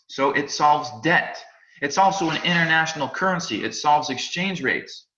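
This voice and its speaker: Energetic male instructor, chatty, stumbles and repeats words, forceful tone, roomy recording. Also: on the high side, moderate pace, slight background noise. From United States. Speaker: crypto trading instructor. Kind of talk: live class presentation. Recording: roomy, slightly dull sound.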